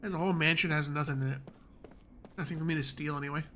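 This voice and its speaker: A man's voice: a little high, fairly even intonation, fast, sharp tone, a little hiss or hum. A man streaming a video game live, chatting offhand with a congested, nasal voice. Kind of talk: casual live gameplay commentary.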